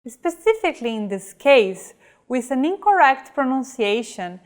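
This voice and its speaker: Slow, careful woman teacher. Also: high-pitched, very animated. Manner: slow, careful delivery, modelling example words. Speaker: language teacher. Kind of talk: scripted lesson narration.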